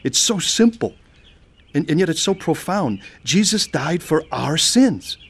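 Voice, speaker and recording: A man's voice: on the high side, very animated, measured pace, breathy edge. A man earnestly narrating and acting out his own conversion story, pleading with his family. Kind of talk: dramatized testimony narration.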